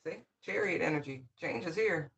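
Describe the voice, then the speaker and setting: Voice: mid-range voice, animated, normal speed, creaky, a bit bright. Sassy, scolding tarot reader. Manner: sassy, scolding call-outs with repeated phrases; slang-heavy, swears freely. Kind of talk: casual channeled tarot reading.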